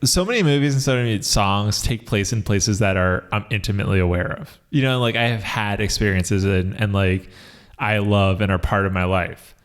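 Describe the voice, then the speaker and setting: A young man talks in a loose, rambling way on a podcast and swears freely. His voice sits fairly low. The chat is casual and lively. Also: normal speed. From New York City. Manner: animated, profane, rambling. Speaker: podcast co-host.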